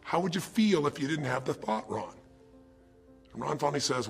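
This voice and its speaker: A man's voice: a little high, animated, normal speed, gravelly, soft background music. A man giving a motivational speech, retelling a coaching story in quoted dialogue and asking the audience rhetorical questions. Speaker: motivational speaker.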